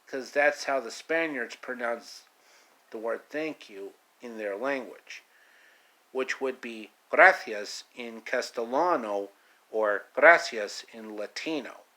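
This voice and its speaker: Guy telling a story real slow and laid-back, mid-pitch voice, drops in foreign phrases. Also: a bit bright. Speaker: storyteller, channel host. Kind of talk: casual home-made storytelling.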